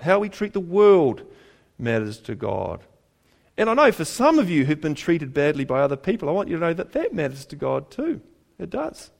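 Kiwi male preacher, slightly higher voice, very animated pitch, chatty sermon with rhetorical questions and repeated lines. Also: vocal fry. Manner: conversational, with rhetorical questions to the congregation; emphatic repetition of key phrases.

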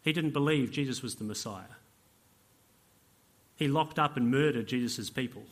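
A man preaching a sermon earnestly, dropping to hushed appeals and rising to emphatic points. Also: mid-range voice, normal speed.

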